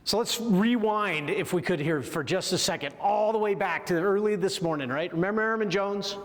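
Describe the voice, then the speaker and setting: In a large hall, a man with a high-pitched voice delivers a motivational lecture on military leadership at normal speed. He tells a story and keeps checking in with his listeners by asking "right?"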